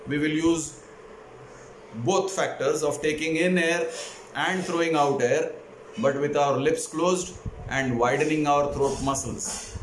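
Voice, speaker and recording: A man teaching a breathing technique, explaining each step calmly before demonstrating it. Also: fairly high pitch, measured pace. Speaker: breathing instructor. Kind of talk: instructional demonstration. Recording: echoey room, faint noise.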